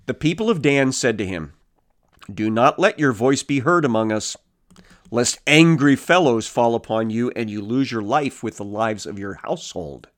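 A man teaching through a Bible passage, reading verses aloud and retelling them in casual, animated everyday speech. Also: mid-range voice, normal speed. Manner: reads verses, then paraphrases casually with animated character voices.

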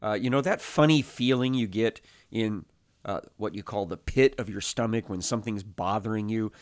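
A man teaching through a Bible passage in a measured, thoughtful way, pausing often with "uh" and restarting phrases. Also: lowish voice, no echo, studio quality.

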